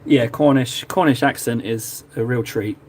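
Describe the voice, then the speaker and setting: A man's voice: medium pitch, moderate pace, darkish tone, a little hiss or hum. A chatty, jokey man from Cornwall, talking casually to viewers while painting on a live stream. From Cornwall, England.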